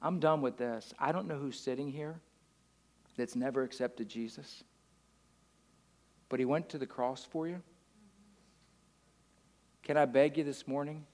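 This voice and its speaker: A man preaching a sermon as a pastor, swinging from loud declarations down to hushed storytelling. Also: mid-range voice, a little slow, long pauses.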